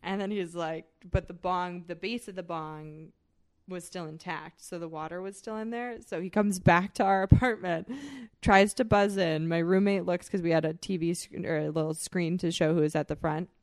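A young woman co-hosting a podcast, telling wild stories in a profane, animated way and laughing often. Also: fairly low pitch, moderate pace, no echo, clean studio sound. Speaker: podcast co-host. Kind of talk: casual chat, storytelling.

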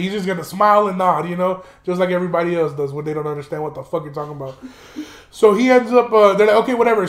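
Young male podcast host, high-pitched, loose and profane storyteller, roomy echo. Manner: profane, rambling, laughs while telling. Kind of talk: casual storytelling monologue.

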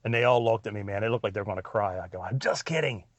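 A man's voice: fairly low pitch, fairly even intonation, racing, muffled recording, background noise. A middle-aged man hosting a podcast, telling rambling stories in a casual monologue and laughing at his own tales while he drives. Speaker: podcast host. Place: in a truck while driving.

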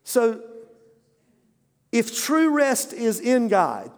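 High-voiced preaching man in a reverberant hall. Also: huge pitch swings, extremely slow. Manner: preaching with call-and-response prompts. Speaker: pastor. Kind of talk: sermon. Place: church sanctuary.

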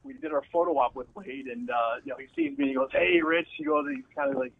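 A man telling an excited story as a podcast guest over a muffled remote call. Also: quick pace, vocal fry, a little hiss or hum. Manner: excited storytelling, swooping pitch. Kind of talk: casual interview chat.

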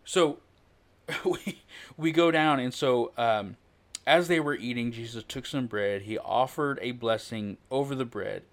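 Man preaching a casual, halting sermon. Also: medium pitch, no room sound. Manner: conversational, halting with many fillers and restarts; acts out quoted lines with raised voice. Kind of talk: informal sermon.

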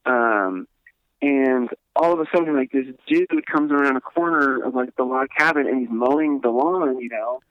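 Man, podcast guest, casual rambling story, lots of swearing and fillers, mid-pitched voice, dry dull sound. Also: moderate pace, dry recording. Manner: rambling, profane, many fillers like "like".

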